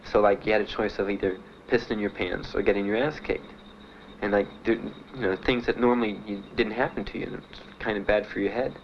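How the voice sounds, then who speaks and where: Speaking in a slightly low, somewhat creaky voice, a young veteran testifies with fairly even intonation, plain and halting, with many pauses and fillers. The recording has the muffled, dull quality of an old 1970s archive tape, a faint hiss sitting below him.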